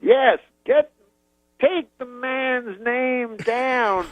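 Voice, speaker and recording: A man putting on the voice of an older male comedian who speaks in broken fragments and drawn-out exclamations. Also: very high-pitched, no echo, voice pushed up, heavily acted, poor audio. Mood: grand. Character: older male comedian, booming, clipped half-sentences.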